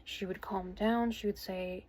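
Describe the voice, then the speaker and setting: A woman in her twenties speaks to camera from her bedroom at home, telling a personal story. Her voice sits at an ordinary mid pitch. She talks in an earnest, halting way, pausing and starting sentences over as she goes. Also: steady tone, darkish tone. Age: 20s. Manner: hesitant and earnest, with many pauses and restarts. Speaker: vlogger.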